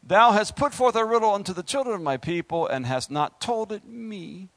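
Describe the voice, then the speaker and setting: A man voicing a weeping young wife who pleads with her husband in a high, wailing complaint. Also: expressive, moderate pace, fairly bright tone, no echo, long reverb tail. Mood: pleading.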